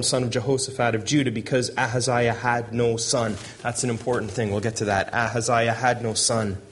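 A man preaching a sermon who reads scripture aloud and breaks in with joking asides and chuckles. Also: medium pitch. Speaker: pastor. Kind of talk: sermon with Bible reading.

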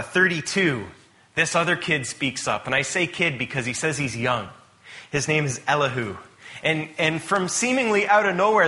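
A preacher delivers a casual sermon in a bright, forceful voice. He talks conversationally and drops in chatty asides. His voice sits a touch high for a man.

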